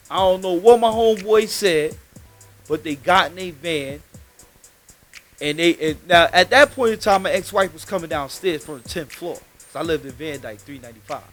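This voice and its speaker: A man, hosting a podcast and telling a story in an animated, slangy, emphatic way. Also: fairly high pitch. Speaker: podcast host. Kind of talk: casual street storytelling.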